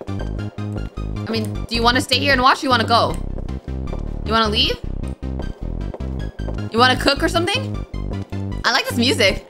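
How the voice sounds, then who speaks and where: A woman narrating her way through a horror game, chatty and animated as she reads the dialogue aloud. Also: sits high, moderate pace, pauses often. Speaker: gaming YouTuber. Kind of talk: let's play commentary. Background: game music.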